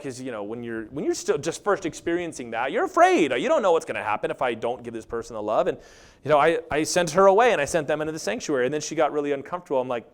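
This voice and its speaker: Animated pastor preaching. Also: male voice, fairly high pitch, fast. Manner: animated, acts out quoted voices with humor. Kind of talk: sermon.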